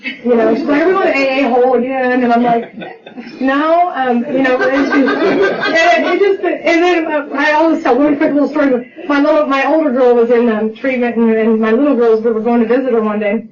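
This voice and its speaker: A woman's voice: high voice, brisk, over a noisy crowd. A middle-aged woman sharing her recovery story as personal testimony, heartfelt and full of acted-out dialogue and restarts. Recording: distant, dull lo-fi audio with faint noise.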